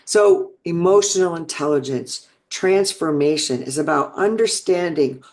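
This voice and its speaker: A woman in her sixties with a low-pitched, darkish voice speaks at a measured pace with lively intonation. She's an interview guest recounting personal stories earnestly and reflectively, frequently restarting sentences.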